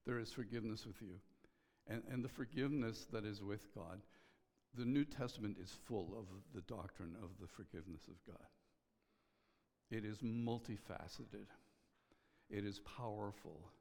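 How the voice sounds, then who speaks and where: A middle-aged male pastor delivers a sermon in a fairly low, earnest voice. He speaks in measured phrases and lets key lines fall almost to a hush. A long reverb trails after him through a large hall. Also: creaky.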